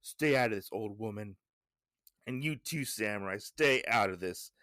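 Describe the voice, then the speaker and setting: A man's voice: fairly low pitch, normal speed, pushed and bright, dry recording, clean studio sound. A man voicing a brutish bear enforcer who threatens debtors, in a casual comic recap. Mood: menacing. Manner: threatening, gruff.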